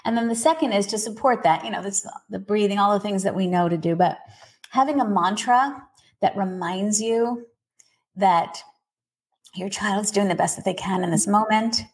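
A woman parenting coach answering interview questions in a steady, explanatory way, with frequent casual fillers. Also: medium pitch, normal speed. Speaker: autism parenting coach, guest.

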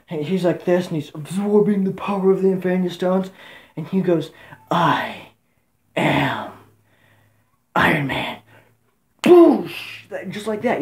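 A man's voice: a little high, dark tone. A man giving a casual spoken movie review, rambling and emotional with many fillers and restarts. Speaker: channel host and movie reviewer.

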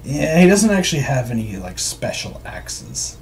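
A man's voice: medium pitch, very animated, normal speed, a little mellow, slight background noise. A man narrating a tabletop game as game master in a loose, chatty, laughing way.

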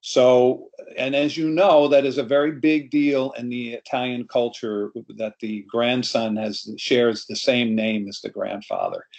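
A man's voice: medium pitch, expressive, a little slow, vocal fry, hardly any pauses, a little mellow, lo-fi sound. A middle-aged storyteller tells a family tale in an easy, anecdotal way. He speaks to a group over a video call, as he would to a live audience. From New York.

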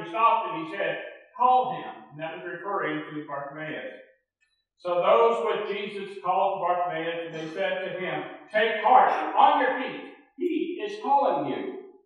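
A man's voice: high voice, phone-quality sound. A male pastor preaching a sermon from the pulpit, telling the story earnestly and emphatically and putting rhetorical questions to the congregation. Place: church sanctuary. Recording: echoey church sanctuary.

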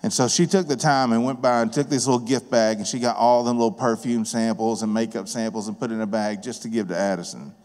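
A man's voice: mid-range voice, steady tone, quick pace, few pauses, darkish tone. A man preaching a sermon in a plain-spoken, conversational way, telling stories from his work as a contractor and business owner. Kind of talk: sermon with personal storytelling. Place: church sanctuary. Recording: long reverb of a church hall.

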